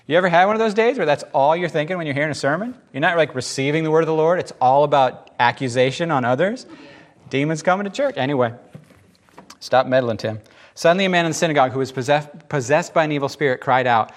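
A man preaching a casual sermon, animated and jokey, often acting out the voices in the scripture he reads. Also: fairly high pitch, fast. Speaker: pastor.

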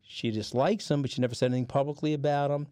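A middle-aged New Yorker talks quickly as a guest on a casual podcast, his warm voice a little high with fairly even intonation and no echo. He tells stories bluntly and swears freely.

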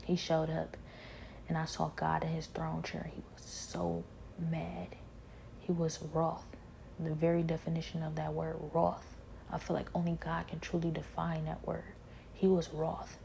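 Woman, personal testimony, earnest and halting, often half-whispered; very flat, dark delivery with a faint hiss behind. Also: low-pitched, gravelly. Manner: earnest, halting, many restarts and filler phrases. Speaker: believer sharing a personal testimony.

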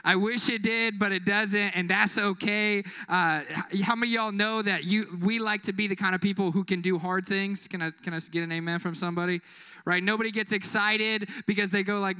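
A young man delivers an energetic youth sermon inside a church. His voice sits high and sounds bright. He keeps the crowd involved with jokes, quick put-on voices and repeated calls for an amen. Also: clean tone. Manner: call-and-response, joking, acts out quick voices. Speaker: youth pastor. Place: church building.

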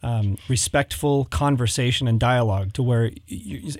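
A man on a pastors' discussion show giving thoughtful, measured advice. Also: mid-range voice, a little mellow, no room sound, clean studio sound. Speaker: pastor co-host.

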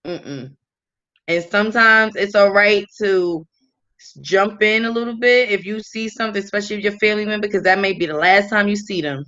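A woman's voice: mid-range voice, brisk, sharp tone. A woman co-hosts a casual podcast and speaks in a caring, serious way as she shares practical advice. Her voice sits mid-range, and the recording sounds slightly dull and lo-fi. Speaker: podcast co-host.

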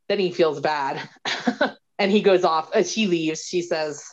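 A woman with a fairly low voice co-hosts a podcast, recapping a movie in loose, animated chat. She laughs often and acts out bits of dialogue. The recording sounds somewhat dull and lo-fi. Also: a little slow. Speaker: podcast co-host.

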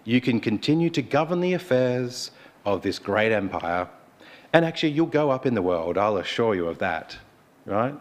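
A man's voice: lowish voice, sing-song, moderate pace. A man preacher voicing a smarmy, arrogant ancient king who coaxes and pushes during a sermon story. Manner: coaxing, pushy questioning.

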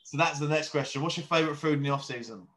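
A young man runs the chat as host, asking questions in an easy, relaxed manner. His voice sits slightly high for a man, and he backs up his guest with quick, short replies. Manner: relaxed, asks questions and agrees with short "yeah"s. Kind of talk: casual interview chat.

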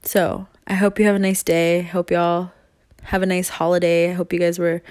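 A woman's voice: on the low side, fairly even intonation, normal speed, no room sound, clean studio sound. A young woman talking straight to her viewers in a rambling, earnest way, laughing often and swearing casually. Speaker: vlogger.

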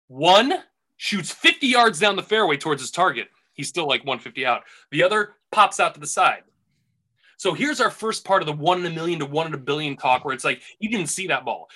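A man's voice: on the high side, sharp tone, slightly rough. A man casually telling a rambling golf caddy story on a podcast, full of restarts and asides.

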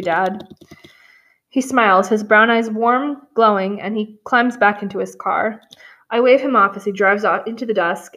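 A woman reads a romance novel aloud for laughs, her voice at an ordinary middle pitch. She keeps stepping out of the text to add dry, sarcastic remarks. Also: fairly bright tone. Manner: wry, sarcastic asides between read passages. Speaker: podcast host reading a novel aloud. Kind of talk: comedic dramatic reading with commentary.

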